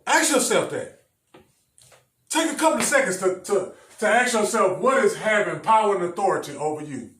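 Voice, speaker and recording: A male preacher with a high voice teaches a sermon. He speaks emphatically and repeats his phrases for the listeners. The sound is echoey and picked up from some distance away. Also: big pitch swings, normal speed, a bit bright, slight background noise. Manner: emphatic, repetitive, addresses the congregation directly. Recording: echoey room, mic at a distance.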